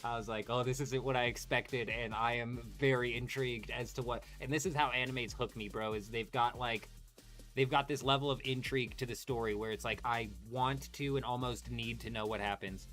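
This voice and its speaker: A man's voice: medium pitch, normal speed, faint music behind. Casual, swearing young man streamer. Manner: animated, swears a lot, talks to chat by name. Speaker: livestream host.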